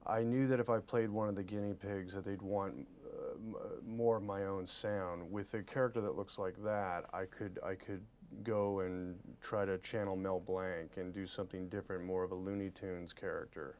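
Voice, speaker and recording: A man in his forties giving a press interview as an actor, earnest and halting, often repeating his words. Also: sits low, steady tone, a little mellow, slight background noise.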